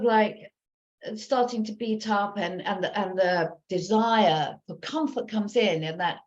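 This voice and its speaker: A woman's voice: mid-range voice, a little mellow, lo-fi sound. A woman working as a recovery coach, speaking earnestly in a live coaching session and looping back over her points.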